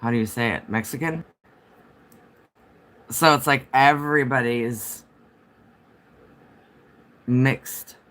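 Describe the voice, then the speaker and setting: A man's voice: mid-range voice, slow, long pauses, a bit bright. Male livestreamer at home, mid-range voice, chatty and meandering, talks straight to viewers. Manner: rambling, chatty, answers viewer comments. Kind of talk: casual livestream chat.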